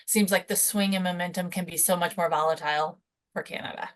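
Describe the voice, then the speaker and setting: A woman hosting a webinar, moderating in a friendly, quick way. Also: fairly low pitch, fairly even intonation. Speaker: webinar host.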